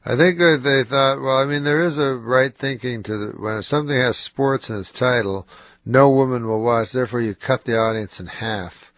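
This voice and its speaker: A man guesting on a radio show, talking in a nasal, low, slightly slurred voice, dry and hesitant, tired and stuffed up from cold medicine. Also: moderate pace, fairly bright tone, no echo. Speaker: comedian guest. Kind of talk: casual radio interview. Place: radio studio.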